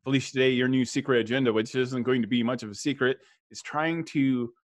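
A man's voice: medium pitch, fairly even intonation, brisk, no room sound. A man running a tabletop game as game master, narrating the setting and reading out donations with frequent chuckles and stumbles. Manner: chuckling, stumbles over words while reading.

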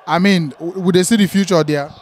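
A man's voice: high-pitched, fairly even intonation, a little fast. A man from Nigeria speaking Nigerian Pidgin English, asking short questions in a casual football chat. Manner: prompting questions, brief remarks. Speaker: interviewer asking fan's reaction. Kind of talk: casual post-match chat.

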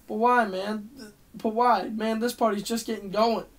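A man's voice: high-pitched, fairly even intonation, normal speed, lightly acted. A man voicing a sulky, self-pitying young male rock singer with a whiny, querulous way of talking, in an audiobook reading. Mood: rattled.

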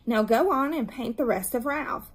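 A woman's voice: on the high side, lively intonation, normal speed, husky. A woman voicing a bossy, fretful older schoolgirl scolding her little sister in a read-aloud storybook. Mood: correcting. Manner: scolding, ordering.

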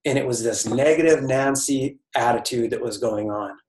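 A man tells a motivational story to a gathered team, earnest, restarting his phrases and turning to the listeners often. His voice sits at a middle pitch. The room carries a noticeable echo. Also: normal speed, darkish tone. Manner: earnest, with restarts and asides to the audience. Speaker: corporate speaker. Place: speaking to a team retreat audience in a room.

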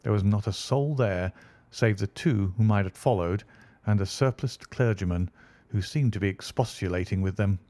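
A man narrating an audiobook in a measured storytelling delivery. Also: fairly low pitch, mellow, dry recording.

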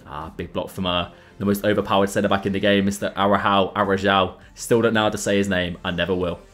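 A young man talks through his own matches, his pitch leaping up whenever a chance opens. His delivery is casual and lively, like gameplay commentary. Faint music plays quietly underneath. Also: fast. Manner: excitable, jumps in pitch at big chances. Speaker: gaming YouTuber.

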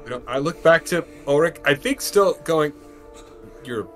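A man speaking as a player in a casual tabletop game, halting and restarting as he talks. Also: fairly high pitch, expressive, fairly bright tone, soft background music.

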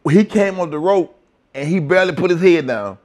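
A man's voice: high voice, fairly quick, a little mellow. An older retired wrestler telling blunt, profane stories in an interview and acting out the lines of the people he quotes.

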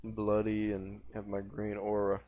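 A man streaming a game while high, talking in a loose, rambling way that trails off and restarts mid-thought. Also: completely flat delivery, unhurried, dull audio, a little hiss or hum. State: high after smoking. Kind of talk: casual rambling stream chat.

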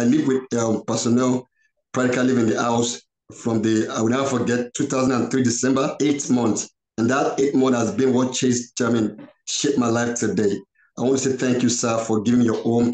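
A man's voice: mid-range voice, darkish tone. Earnest man in an echoey room. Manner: slow, repetitive, earnest, quoting others in short exchanges. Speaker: pastor giving a tribute. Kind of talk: heartfelt spoken tribute. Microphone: video call. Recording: echoey room over an online call.

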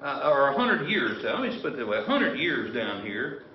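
A man's voice: mid-range voice, big pitch swings, moderate pace, a little hiss or hum. A man preaching a sermon as pastor, folksy and rambling, with frequent restarts. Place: church sanctuary. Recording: roomy, distant, dull church recording.

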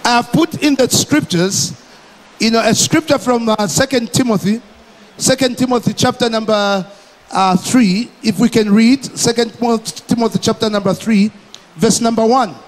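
Slow, high-voiced preacher in echoing hall. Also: male voice. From Malawi. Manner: emphatic, repeats phrases, slow deliberate preaching. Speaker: pastor. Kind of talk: sermon.

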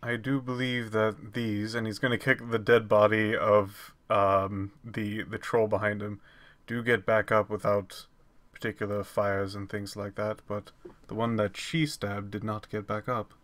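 A man takes part in a tabletop game, speaking in a measured, thoughtful way. His voice is somewhat low in pitch but bright and clear in tone. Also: level tone, no room sound. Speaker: player. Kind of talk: casual tabletop play.

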